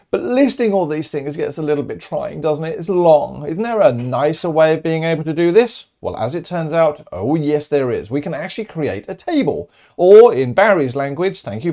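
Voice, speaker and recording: Middle-aged male maths teacher, upbeat and chatty, lively pitch, talks to students directly. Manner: chatty, upbeat and encouraging, talking straight to students. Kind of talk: recorded video lesson.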